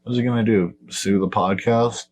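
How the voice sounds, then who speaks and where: A man's voice: on the low side, fairly even intonation, moderate pace, darkish tone, a little hiss or hum. Blunt, profane man on a podcast. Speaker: podcast co-host. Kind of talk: casual podcast chat.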